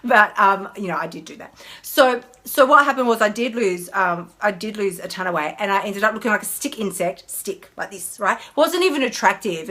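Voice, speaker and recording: A woman, a health coach chatting casually on a live stream in an animated way. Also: mid-range voice, moderate pace. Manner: chatty, animated, mimics whiny inner voices.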